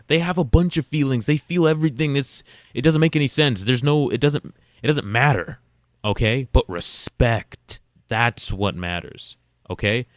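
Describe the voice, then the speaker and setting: Man host, lowish voice, blunt and preachy commentary, dry close sound. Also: no echo. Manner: blunt and emphatic, lecturing other men. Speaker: reaction video host. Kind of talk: casual commentary to the camera.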